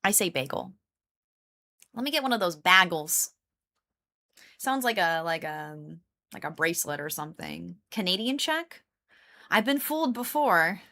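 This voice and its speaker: A woman's voice: on the low side, big pitch swings, normal speed, fairly bright tone. A woman live streamer chatting casually with her viewers, rambling with lots of fillers and laughing often. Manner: chatty, laughs often, greets and answers chat.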